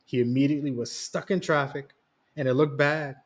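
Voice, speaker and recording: A man telling a story on a podcast in a steady, read-aloud narration. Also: mid-range voice, a little fast. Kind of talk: scripted narration.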